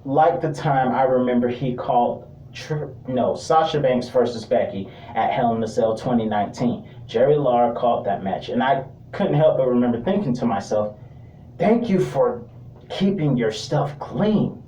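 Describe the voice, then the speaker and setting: A man's voice: mid-range voice, normal speed, dark tone, a little hiss or hum. A man giving a casual wrestling review, rambling with joking asides. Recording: roomy sound, distant mic.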